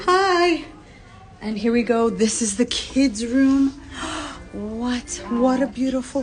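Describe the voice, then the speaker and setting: Slow-talking woman on a live room tour. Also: on the high side. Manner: excited, gasping and laughing. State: out of breath. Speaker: cruise vlogger. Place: cruise ship cabin, indoors. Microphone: handheld phone.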